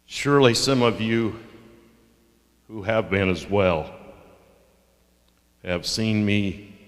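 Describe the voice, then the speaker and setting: An older man speaks at communion in a deep, low voice. His delivery is halting and heartfelt, broken by pauses and fillers. The sound rings with the long echo of a church hall. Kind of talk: sermon. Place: church sanctuary.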